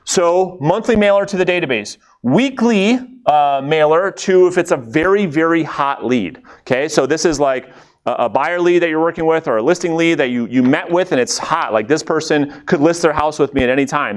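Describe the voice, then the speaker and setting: A man leading a live coaching session for real estate agents, energetic and conversational, checking in with the room and acting out quick bits of dialogue. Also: on the high side. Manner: acts out quick quoted dialogue.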